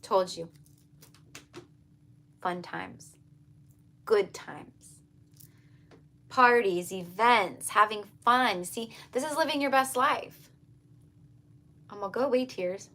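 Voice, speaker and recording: With a fairly bright, medium-pitched voice, a woman does a casual tarot reading, speaking slowly and pausing often. She's earnest and emphatic with her viewers, whom she calls "you guys," and she repeats herself a lot.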